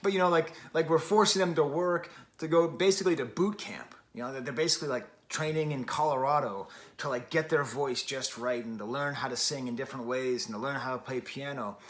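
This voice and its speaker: A man's voice: mid-range voice, brisk, few pauses. A middle-aged man hosting a music review show, talking in a chatty, rambling way with wry asides. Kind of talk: casual spoken review.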